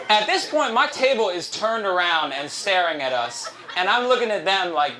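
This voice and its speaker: A man's voice: sits high, expressive, a little fast, few pauses, background noise. A young man doing a stand-up comedy set at a live show, telling rambling, profane stories and laughing at his own jokes.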